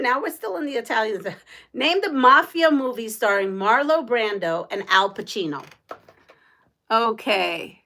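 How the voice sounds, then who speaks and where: A woman's voice: on the high side, lively intonation, measured pace, bright, forceful tone. A woman from the United States hosting a quilting live stream, chatting casually with viewers, laughing often.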